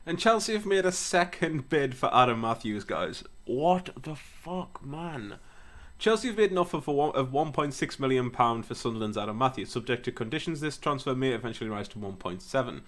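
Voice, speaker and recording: A young man giving casual, excitable play-by-play commentary on a football management game, swearing now and then. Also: mid-range voice, fast, hardly any pauses. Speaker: gaming YouTuber.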